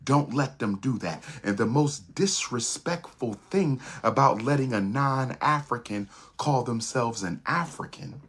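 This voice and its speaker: A man's voice: medium pitch, expressive, measured pace, hardly any pauses, fairly bright tone, breathy edge. A man giving an impassioned speech, emphatic and repetitive, with rhetorical questions. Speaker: public speaker.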